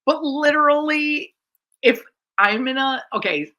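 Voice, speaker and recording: A woman's voice: high voice, unhurried, muffled recording. A middle-aged woman, a comedian, telling brash, profane stories in a casual podcast chat. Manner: brash, profane, animated storyteller.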